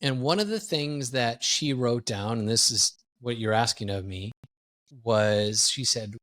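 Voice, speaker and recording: A man's voice: medium pitch, measured pace, fairly bright tone. A man from Wisconsin, a guest executive coach telling a candid, self-deprecating story in a podcast interview.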